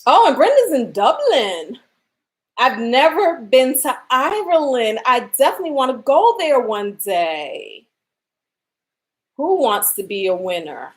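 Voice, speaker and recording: A woman's voice: sits high, sing-song, unhurried. A woman, hosting a casual livestream giveaway from home, chatting, laughing and reading out viewer comments. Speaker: livestream host running a giveaway.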